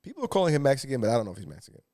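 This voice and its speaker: Male podcast co-host, mid-pitched, casual rambling storyteller who swears. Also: very animated, very fast, warm tone. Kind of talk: casual chat.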